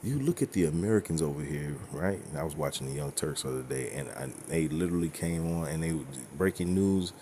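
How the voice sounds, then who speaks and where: A man's voice: very deep voice, lively intonation, fast talker, hardly any pauses, dark tone, a little hiss or hum. A man teaching scripture in a blunt, profane, emphatic way, often checking in with "okay?" and "right?". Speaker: religious teacher.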